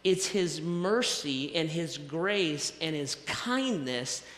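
Bright-voiced male pastor in echoey hall. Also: on the high side, animated, slow pace. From American South. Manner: conversational, self-deprecating preaching with repetitions. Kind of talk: sermon. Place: church sanctuary. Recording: echoey hall with long reverb.

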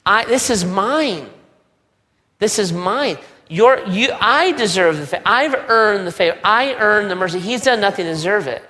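A man voicing a resentful, self-righteous older brother, in a high, loud, whiny complaint, with long hall reverb. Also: animated, unhurried, exaggerated voice.

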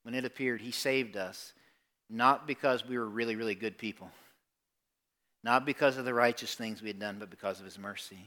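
A man preaching a sermon to a congregation, talking conversationally and swinging between quiet, earnest asides and loud, emphatic bursts. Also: medium pitch, a little fast. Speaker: pastor. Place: church service before a congregation.

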